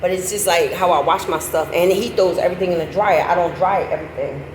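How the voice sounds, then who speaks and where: A middle-aged woman tells a story in a loose, animated way, swearing freely and jumping up into high laughter. The recording is echoey, with loud background noise and what sounds like passing vehicles. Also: fast talker. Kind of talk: casual storytelling.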